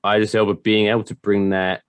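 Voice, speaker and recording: A man's voice: on the low side, a little fast, clear, resonant tone, dry recording. A man co-hosting a podcast, teasing his partner in casual chat. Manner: teasing, animated. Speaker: podcast co-host.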